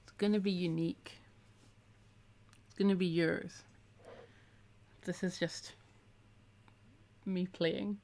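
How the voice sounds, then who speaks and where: Chatty woman with a gravelly voice. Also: on the low side, fairly even intonation, slow pace, pauses often, a little mellow. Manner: chatty, laughs often, reads out comments. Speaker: craft tutor hosting a live stream. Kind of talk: casual craft tutorial.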